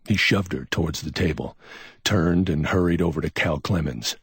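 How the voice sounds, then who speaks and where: A man reading pulp crime fiction as an audiobook narrator, steady and even. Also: deep voice, moderate pace, husky, no echo, clean studio sound.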